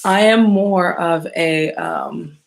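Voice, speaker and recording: A woman from the Midwest talks in a slow, unhurried drawl with a gravelly, fry-laden edge. She rambles through casual podcast chat, swears freely and keeps stalling mid-thought before picking the thread back up. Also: on the low side. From Midwestern United States. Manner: rambling, profane, often loses her train of thought. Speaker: podcast host.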